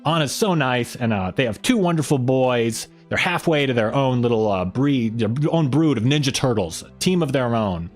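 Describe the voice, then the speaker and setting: A man hosts a relaxed livestream at a middle pitch. His voice rises and falls a lot as he rambles between topics and greets viewers in the chat. Soft music plays faintly underneath. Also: normal speed, few pauses. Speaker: livestream host.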